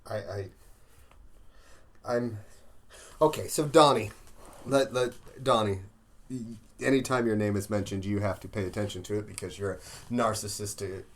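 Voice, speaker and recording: A man co-hosts a podcast, delivering sardonic rants in casual chat. His voice sits on the low side. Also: a bit bright. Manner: sardonic, ranting. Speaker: podcast co-host.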